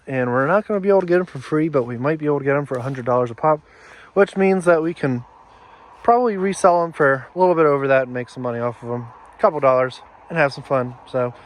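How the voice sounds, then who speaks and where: A man talks casually to his viewers, easygoing and polite, in a voice sitting a little high for a man. He is recorded outdoors on a phone, with traffic and street noise clearly heard behind him. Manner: easygoing, polite, loose fillers. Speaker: vlog host. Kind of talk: casual vlog narration. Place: outdoors by roads and yards.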